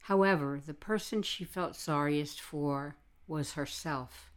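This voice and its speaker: A woman narrating an audiobook in a measured, even storytelling manner. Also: sits low. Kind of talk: scripted narration.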